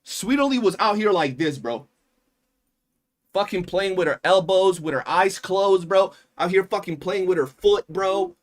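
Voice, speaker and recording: A man streaming live, telling stories in a casual, animated and profane way. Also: sits high, unhurried. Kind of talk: casual livestream chat.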